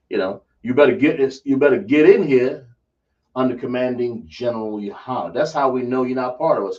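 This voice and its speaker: A man's voice: mid-range voice, a little mellow. A man teaching a religious class, emphatic and quizzing his listeners with rhetorical questions. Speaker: religious instructor. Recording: dull, distant lo-fi recording.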